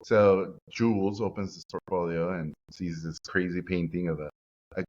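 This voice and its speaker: A man's voice: sits low, normal speed. A man in his forties from Mexico, a guest animator telling a story in conversation and acting out the people in it. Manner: lively storyteller acting out quotes. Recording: muffled lo-fi podcast audio.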